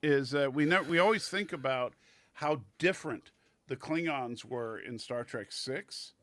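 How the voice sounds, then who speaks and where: Chatty male panelist, bright sound, playful. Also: mid-range voice, unhurried. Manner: chatty, enthusiastic, joking. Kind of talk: casual panel chat.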